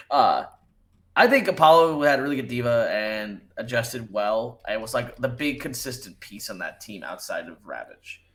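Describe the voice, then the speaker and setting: A man's voice: medium pitch, fairly bright tone. Laid-back, joking male co-host. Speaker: podcast co-host. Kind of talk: casual esports podcast chat.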